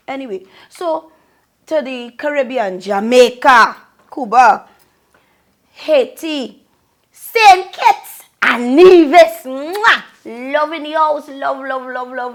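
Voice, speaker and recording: A young Trinidadian woman giving effusive, sing-song shout-outs to her viewers in a casual vlog. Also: sits high, vocal fry. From Trinidad and Tobago. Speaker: vlogger.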